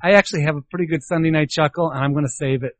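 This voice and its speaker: A man's voice: a little high, fairly even intonation, very fast, no echo. An older man and grandfather co-hosting an aviation podcast in casual chat, joking and sounding out radio call signs. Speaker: podcast co-host.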